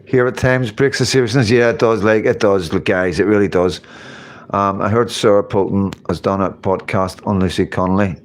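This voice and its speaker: A man with a lowish, steady voice hosts a casual live stream at normal speed. He reads out chat comments and rambles, repeating phrases and swearing casually.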